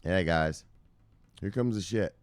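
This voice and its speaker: A man presenting crypto news in an excitable, casual, profane way, talking to viewers like brothers. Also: low voice, slow pace, no room sound.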